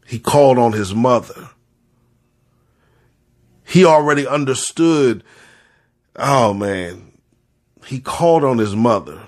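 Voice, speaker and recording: An earnest man speaks straight to his listeners in a heartfelt, impassioned reflection. His pitch sits in an ordinary middle range, and he leans on repeated phrases to drive each point home. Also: expressive, takes it slowly, long pauses. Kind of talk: impassioned spoken reflection to an audience.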